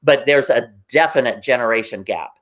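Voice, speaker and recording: A man as a guest on a talk show, telling stories in an animated, emotional way and acting out the voices of the people in them. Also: medium pitch, normal speed. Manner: excitable, emotional, acts out voices in anecdotes. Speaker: guest performer. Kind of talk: animated interview storytelling.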